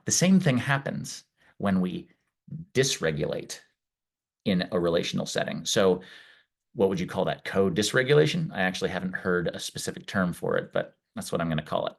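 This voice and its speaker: A middle-aged man coaching in a live-streamed talk, with a lowish voice and a gravelly edge. He explains in a conversational way. His tone is easy and unhurried. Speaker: wellness coach.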